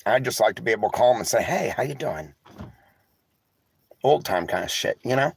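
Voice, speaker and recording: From inside a vehicle, a vlogger reads his live chat and talks casually to viewers, sounding tired and emotional as he rambles candidly, sarcastic and swearing freely. He speaks very fast in a fairly low, creaky, slightly rough voice.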